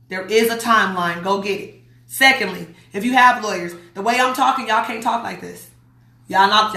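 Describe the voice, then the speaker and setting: A woman from Las Vegas talks straight into her phone on a livestream, blunt and emphatic, hammering home her warnings. Her voice is bright and forward, and the room around her is echoey. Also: medium pitch. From Las Vegas, USA. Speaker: host. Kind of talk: livestream talk reading viewer comments.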